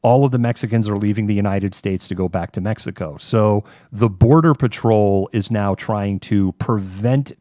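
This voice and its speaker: His lowish, mellow voice comes through a dry, clean studio recording. As co-host of a live online talk show, he rambles casually and swears while retelling a cartoon episode, doing voices for the characters.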